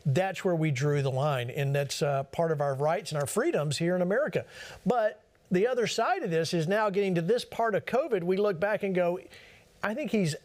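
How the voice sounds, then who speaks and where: A male talk show host who speaks emphatically and varies his pace for effect. His voice sits slightly high. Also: lively intonation, a little fast, a little mellow.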